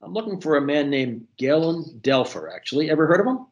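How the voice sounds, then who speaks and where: A man's voice: fairly high pitch, sing-song, fairly quick, muffled recording. A man voicing a polite, easygoing Canadian horseman with a Canadian accent.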